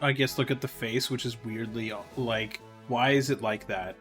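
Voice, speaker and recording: Bright-voiced sarcastic male streamer. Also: medium pitch, fairly even intonation, moderate pace, soft background music. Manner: sarcastic, swears freely. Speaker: streamer host. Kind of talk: casual let's-play commentary.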